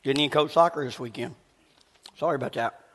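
A man preaching a sermon in a church, talking in a relaxed, conversational way with a throat that is a little scratchy. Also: medium pitch, big-room sound. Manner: conversational preaching with a slight rasp, pauses to cough. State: scratchy voice needing a cough drop. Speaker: pastor. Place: church sanctuary with long reverb.

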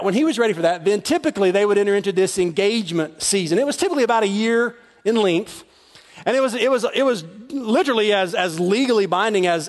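A middle-aged male pastor preaching a sermon in a conversational style, repeating words as he builds, in a large church hall. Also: high-pitched. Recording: long hall reverb.

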